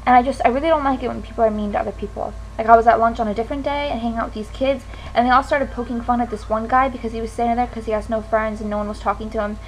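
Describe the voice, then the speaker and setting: A woman's voice: fairly high pitch, fairly even intonation, very fast, few pauses, slight background noise, poor audio. A teenage girl venting to camera in a frustrated, swearing rant. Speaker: vlogger. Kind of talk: ranting to camera.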